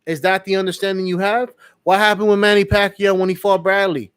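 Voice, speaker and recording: A man's voice: high-pitched, level tone, fairly quick, fairly bright tone, smooth. A man co-hosting a live fight reaction show, ranting heatedly with lots of profanity and repetition. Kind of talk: casual live reaction chat.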